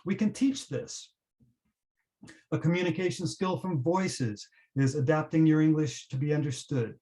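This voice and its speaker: A man giving a teacher-training webinar, explaining pronunciation and slowly modelling example words. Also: fairly high pitch, mellow. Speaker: webinar presenter.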